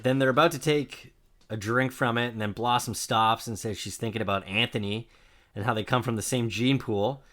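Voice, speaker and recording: A man's voice: mid-range voice, steady tone, normal speed, a bit bright. A man co-hosting a podcast, recapping an episode's plot in a laid-back, dry way. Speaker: podcast co-host. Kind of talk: casual chat recapping a TV episode.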